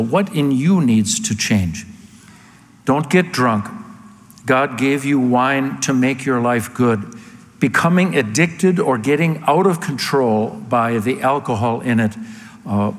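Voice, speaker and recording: A man's voice: mid-range voice, in a large hall. A man preaching a sermon as pastor, emphatic and firing off rhetorical questions, getting worked up at times.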